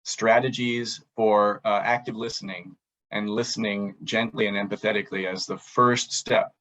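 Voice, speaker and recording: A man's voice: on the low side, a bit bright, poor audio. A man presenting at a grand rounds lecture, earnest, with frequent fillers and restarts. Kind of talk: academic presentation.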